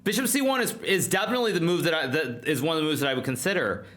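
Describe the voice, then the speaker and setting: A man chatting casually on a stream as he reacts to a video, excitable and restarting his sentences while repeating himself. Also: on the high side, very fast. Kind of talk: casual chat.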